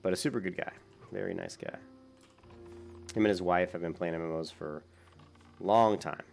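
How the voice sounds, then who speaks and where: A man's voice: low voice, normal speed, gravelly, darkish tone, soft background music. A man giving casual, rambling commentary while playing an online game, with many fillers. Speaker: gaming YouTuber.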